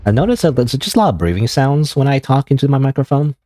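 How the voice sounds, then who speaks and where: A man's voice: medium pitch, very animated, quick pace, mellow, no room sound, studio quality. A male streamer rambling through casual gameplay commentary, full of fillers and a bit out of breath.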